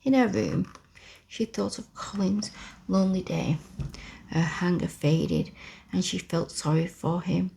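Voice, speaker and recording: Gravelly whispering woman reading a story. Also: lowish voice. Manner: slow, soft whispered reading. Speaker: ASMR storyteller. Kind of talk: whispered role-play.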